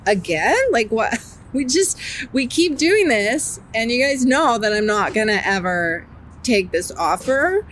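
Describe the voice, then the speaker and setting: A woman's voice: a little high, expressive, measured pace, fairly bright tone, a little hiss or hum. Candid middle-aged mother telling a story. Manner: candid, rambling, full of "like" asides. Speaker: parent of a student. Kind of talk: personal storytelling in an interview. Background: music bed.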